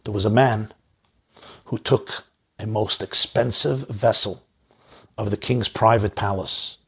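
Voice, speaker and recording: Husky-voiced man telling a parable. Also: on the low side. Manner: measured, dramatic, dropping to soft emphasis. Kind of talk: sermon storytelling.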